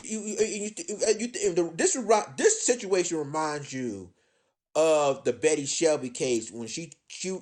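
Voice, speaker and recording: Man, live stream commentary, indignant, lively rising and falling pitch, slightly high voice. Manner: indignant, repetitive, addresses ladies and gentlemen. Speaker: commentator on current events.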